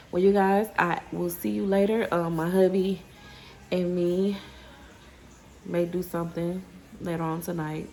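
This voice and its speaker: A woman's voice: on the low side, fairly even intonation, a little slow, creaky, long pauses, dark tone, soft background music. A woman vlogging in a rambling, casual way, stopping and restarting her sentences and getting heated when she rants. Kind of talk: casual vlog chat. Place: outdoors then home.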